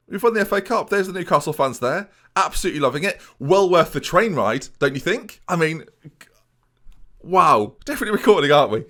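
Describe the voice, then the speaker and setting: A young man commentating on his own football management game, excitable and talking to his viewers. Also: high voice, a little fast. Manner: excitable, mock-commentator, addresses viewers constantly. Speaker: gaming YouTuber.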